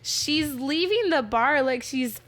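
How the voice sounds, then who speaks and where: A woman's voice: sits high, animated, takes it slowly, a bit bright. A young woman chatting casually as a podcast guest, laughing as she tells a story and acts out the lines she quotes. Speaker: bartender guest. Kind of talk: casual chat.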